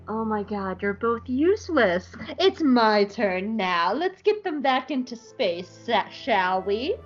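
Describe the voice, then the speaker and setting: Woman voicing an imperious female officer, condescending, slow drawl. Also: on the high side, sing-song, dull audio, soft background music. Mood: scornful.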